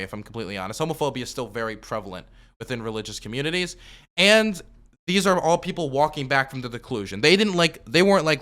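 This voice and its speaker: Bright-voiced man arguing back at a video. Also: medium pitch. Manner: argumentative, rebutting with repeated objections; loose, full of fillers and restarts. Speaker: streamer reacting to a video. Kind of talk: commentary.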